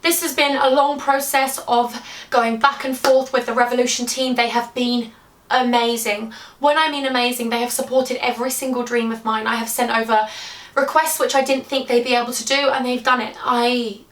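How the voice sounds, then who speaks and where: A British woman in her twenties, a beauty vlogger gushing through a tearful, excited announcement. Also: a little high, moderate pace. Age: 20s. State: teary. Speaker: beauty YouTuber. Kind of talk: emotional vlog announcement. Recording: roomy, from a distance.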